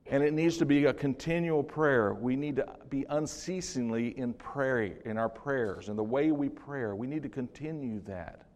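An older man preaching a sermon as pastor in a church, swinging from hushed to loud with joking asides. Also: mid-range voice, normal speed, hardly any pauses. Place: church sanctuary. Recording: long reverb of a church hall.

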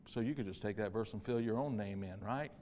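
A man preaching a sermon, moving between quiet, tender stretches and loud, emphatic passages. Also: on the low side, brisk, a little hiss or hum. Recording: long hall reverb.

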